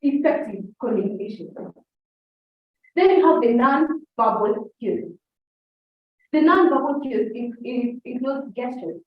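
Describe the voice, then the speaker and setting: This young woman, a debate speaker with a Kenyan English accent, has a somewhat high, expressive voice and talks a little slowly. Her prepared speech is oratorical and repeatedly addresses the audience, recorded on a distant, dull mic in a very echoey hall.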